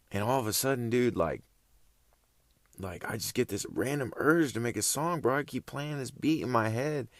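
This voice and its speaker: A man's voice: lowish voice, no echo, studio quality. A young man casually telling a story, laid-back and slangy, rambling along with loose phrasing.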